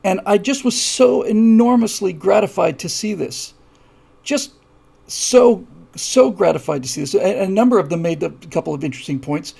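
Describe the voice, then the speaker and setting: A man with a fairly high voice and a gravelly edge hosts a live show. He tells his story with many fillers and restarts. His voice moves from low, quiet asides to heated, repeated emphasis. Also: expressive, normal speed. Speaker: show host.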